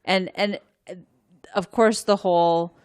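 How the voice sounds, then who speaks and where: A woman co-hosting a podcast in casual chat, agreeable and quick to laugh. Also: medium pitch, steady tone, darkish tone, clean tone, no echo, clean studio sound. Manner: chatty, agreeable, laughs easily. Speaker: podcast co-host.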